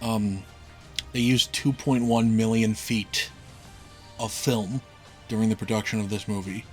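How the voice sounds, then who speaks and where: A man's voice: fairly low pitch, level tone, unhurried, a little mellow, soft background music. A man co-hosting a podcast, sharing fun facts in casual film talk, swearing freely and laughing. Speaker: podcast co-host.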